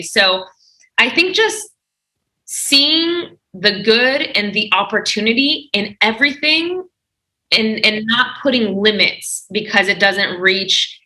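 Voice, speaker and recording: Bright-voiced woman giving career advice. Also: fairly high pitch, animated, slow, rough recording. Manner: earnest, encouraging advice. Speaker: guest. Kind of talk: podcast interview.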